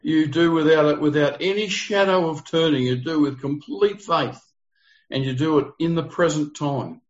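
A man's voice: a little high, moderate pace. A man leading an interactive Bible study, explaining the text earnestly and putting questions to his group. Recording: dull lo-fi recording.

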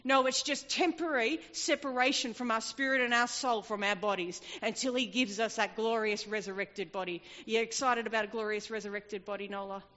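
Woman preacher, bright voice, animated storytelling, long hall echo, dull sound. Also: fairly high pitch, a little fast, few pauses. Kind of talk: sermon.

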